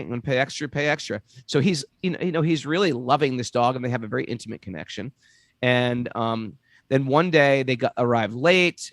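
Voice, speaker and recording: A man's voice: mid-range voice, no echo. A man telling a spiritual story in casual chat, acting out the voices of the people in it. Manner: animated, acts out voices in his stories. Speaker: co-host.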